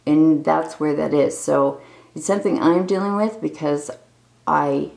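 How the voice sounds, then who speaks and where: A woman's voice: sits low, a little slow, creaky, darkish tone, poor audio. A woman in her forties talking in an unscripted personal video diary, candid, emotional and rambling as she opens up. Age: 40s. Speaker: vlogger.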